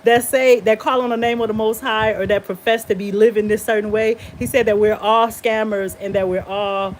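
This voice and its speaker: Blunt woman streaming live, kinda high voice, laughs a lot, talks back to her chat. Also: steady tone, normal speed, a little hiss or hum. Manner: laughs often, blunt and defiant; talks back to viewers and comments.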